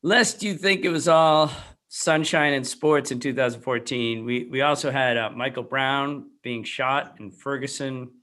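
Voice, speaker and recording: Bright-voiced man hosting a chat. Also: mid-range voice, measured pace. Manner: runs the segment, reads out items and asks questions. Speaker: podcast host. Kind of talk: casual chat.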